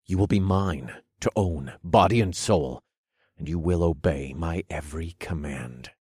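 A man's voice: sits low, unhurried, darkish tone, husky, no room sound, clean studio sound. A man voicing a domineering warlock who leads a coven, giving growled commands in an erotic audio story. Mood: commanding.

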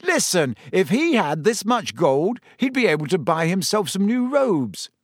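A man's voice: high-pitched, very animated, measured pace, dry recording, clean studio sound, pitched above the performer's own voice, full character voice. A man voicing a level-headed, puzzled teenage boy wizard in a storybook reading.

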